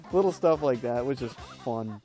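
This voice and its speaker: A man's voice: mid-range voice, dark tone. A young man casually commenting while playing a video game, rambling and laughing through stories with lots of fillers. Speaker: let's play host.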